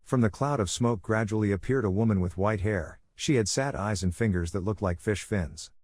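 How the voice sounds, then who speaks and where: A man with a fairly low voice narrates a comic story recap. He reads every line, dialogue and action alike, at the same steady, even pace. The sound is close and dry, with no room echo. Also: normal speed.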